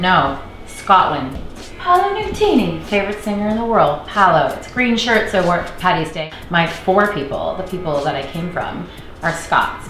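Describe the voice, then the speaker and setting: A woman's voice: on the low side, a bit bright, reverberant, low-quality recording. A Canadian woman in her thirties, chatting in a rambling, self-deprecating way as she cooks in her home kitchen for a vlog. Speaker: cooking vlogger. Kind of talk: casual cooking vlog chat.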